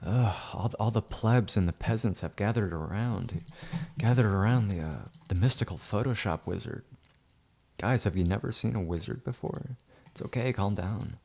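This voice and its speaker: Low gravelly guy rambling on a livestream, mock-bragging and teasing viewers, keyboard clacking behind. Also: moderate pace, mellow. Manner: mock-grandiose, sarcastic, insulting viewers in jest. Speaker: livestream host editing photos.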